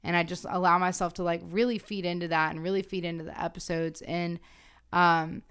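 Smooth-voiced young woman telling stories. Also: fairly low pitch, level tone, fairly quick, a bit bright. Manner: reflective storytelling, frequent "like". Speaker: podcast co-host. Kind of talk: casual chat.

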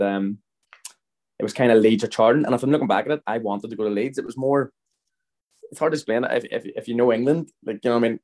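A Northern Irish man in his thirties, a footballer appearing as a podcast guest, speaks with a fairly low, darkish voice. He rambles through anecdotes in casual talk, often restarting and checking in with "you know what I mean".

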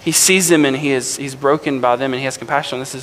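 A man preaching a sermon, reading scripture slowly and deliberately, then explaining it in a casual, self-correcting way. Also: mid-range voice, steady tone, a bit bright, in a large hall, slight background noise, rough recording. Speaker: pastor.

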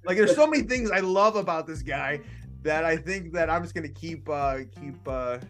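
A man's voice: fairly high pitch, lively intonation, moderate pace, a bit bright, soft background music. Chatty man hosting a betting podcast. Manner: chatty, laughs often, jokey. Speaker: podcast host. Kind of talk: casual sports betting chat.

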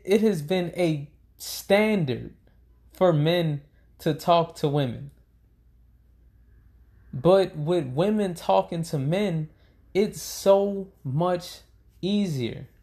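A man's voice: high-pitched, a little mellow. A tired young man who hasn't slept, rambling to camera in a casual vlog, swearing freely as he vents about his day. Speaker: vlogger.

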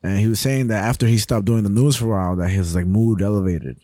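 A man's voice: fairly low pitch, fairly even intonation, fast, dark tone, no room sound, clean studio sound. A young man co-hosting a podcast in casual chat, laughing often, swearing freely and acting out the people he talks about. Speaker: podcast co-host.

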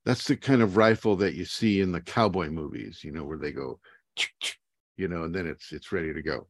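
An American spiritual teacher chats casually over a video call, rambling, chuckling often, and tossing in animated asides. His voice is deep, brisk, and slightly rough, captured in a dry, studio-quality recording.

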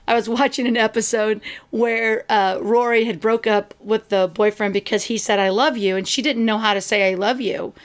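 A middle-aged woman chatting casually as a podcast co-host, telling stories in an animated way and acting out scenes. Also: on the high side, moderate pace, hardly any pauses. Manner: animated storyteller, acts out scenes with exclamations. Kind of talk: casual chat.

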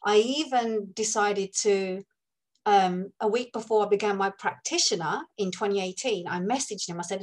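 Une femme à l'accent de l'Essex, invitée d'un podcast, raconte son parcours avec franchise et imite des voix au fil du récit. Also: female voice, mid-range voice, normal speed, rough recording. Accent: Essex English. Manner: candid storytelling, acts out voices. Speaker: podcast guest. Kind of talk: casual conversation.

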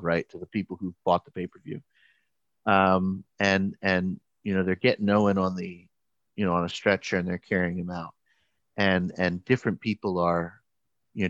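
A man telling a story in casual conversation, halting, with many restarts and fillers. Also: lowish voice, no room sound.

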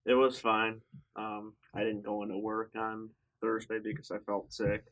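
A man's voice: lowish voice, little pitch movement, moderate pace, fairly bright tone, rough recording. A young man in a casual chat, recounting events hesitantly with many fillers.

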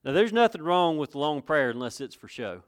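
A man's voice: a little high, very animated, moderate pace. A man preaching a sermon in a folksy, conversational way, rising to emphatic points. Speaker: pastor.

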